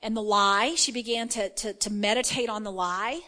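A woman's voice: medium pitch, moderate pace, bright, forceful tone, rough recording. A woman giving an informal sermon, chatty and full of fillers, reading scripture and checking in with her listeners. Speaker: preacher.

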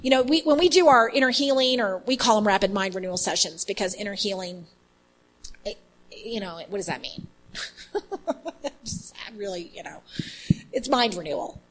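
A woman leading an inner healing ministry, telling an animated story with many fillers in a faith-based teaching talk. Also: mid-range voice, normal speed, long pauses, poor audio.

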